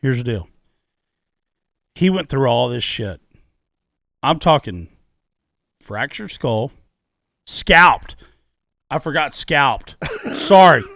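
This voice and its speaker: A middle-aged man co-hosting a podcast, telling a story in a loud, profane way and repeating his key words for emphasis. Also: medium pitch, lively intonation, takes it slowly, creaky, pauses often, dry recording, clean studio sound. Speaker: podcast co-host. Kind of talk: casual podcast chat. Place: podcast studio.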